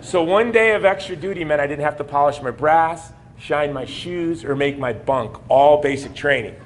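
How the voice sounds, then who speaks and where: A man's voice: a little high, normal speed. Man telling a personal story at a gala. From United States. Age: 40s. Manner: storytelling, wry humor turning earnest. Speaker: gala speaker. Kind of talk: personal testimony speech. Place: banquet hall.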